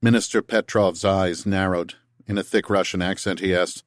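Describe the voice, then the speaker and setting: A male audiobook narrator with a lowish, middle-range voice, reading in a steady, even manner. The recording is close and completely dry, with no room around it. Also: moderate pace, hardly any pauses, dry recording.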